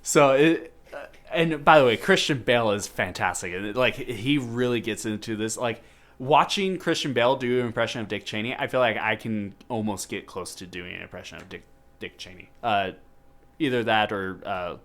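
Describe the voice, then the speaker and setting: A man's voice: lowish voice, normal speed, a bit bright. A man hosting a podcast, chatting casually about a movie with many fillers and restarts. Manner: rambling, lots of fillers and restarts. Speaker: podcast host.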